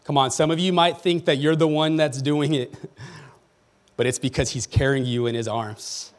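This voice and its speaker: A man's voice: on the high side, fairly even intonation, moderate pace. A male pastor preaching a sermon in church, reading scripture and calling out to the congregation with rising emphasis. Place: church sanctuary.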